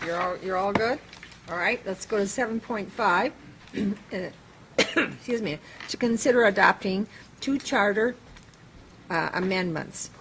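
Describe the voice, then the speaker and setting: A woman mayor chairing a city council meeting, plain-spoken and halting, with frequent fillers. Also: mid-range voice, background noise.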